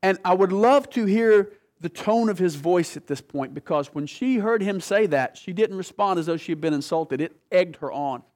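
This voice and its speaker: A man preaching a sermon with animated storytelling, his voice sitting a bit higher than most men's. He acts out the people in the story and sinks to soft, hushed lows for emphasis. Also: moderate pace, few pauses. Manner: animated storytelling, acting out quoted voices, soft dramatic drops.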